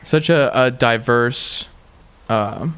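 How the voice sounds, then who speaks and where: Slow-talking man, halting answers. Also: medium pitch, a bit bright, clear, resonant tone. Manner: hesitant, halting. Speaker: podcast guest. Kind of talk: casual chat.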